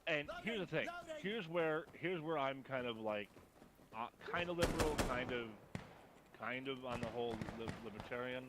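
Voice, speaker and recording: A man from Minnesota chats casually during a game, rambling and hesitating with lots of fillers. His voice has a middle pitch for a man. Loud game gunfire and explosions pound behind him. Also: expressive, normal speed, very noisy. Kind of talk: casual chat while gaming.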